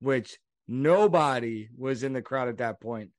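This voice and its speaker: A man's voice: medium pitch, unhurried, dry recording, studio quality. A man co-hosting a wrestling podcast, joking with sarcastic, mock-serious claims. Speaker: podcast co-host. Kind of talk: casual chat.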